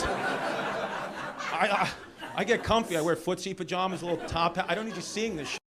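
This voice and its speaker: A man's voice: on the high side, fairly quick, pauses often. A man from Brooklyn doing a stand-up comedy set in a theater, acting out quoted voices and bantering with the audience. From Brooklyn, New York. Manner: animated, shifts into quoted voices, banters with crowd. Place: theater stage before a live audience. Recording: live venue with audience noise.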